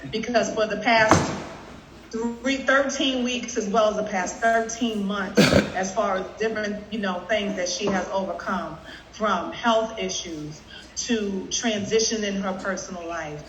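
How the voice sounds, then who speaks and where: A woman's voice: medium pitch, fairly even intonation, unhurried, echoey room, long reverb tail, slight background noise, rough recording. A woman giving an emphatic, preacherly tribute to a colleague on a group video call. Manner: emphatic and preacherly, with faith language.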